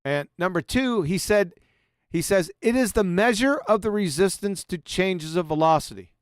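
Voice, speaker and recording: A man's voice: sits high, expressive, normal speed, smooth, dry recording, studio quality. A man giving a mocking, profane presentation over slides, sarcastically addressing an absent author as he goes. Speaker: video presenter.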